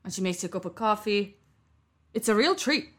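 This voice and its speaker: A woman co-hosting a podcast in casual chat, telling animated stories and acting out other people's voices with laughter. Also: mid-range voice, brisk. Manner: animated storyteller, acts out voices with loud laughter. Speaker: podcast co-host.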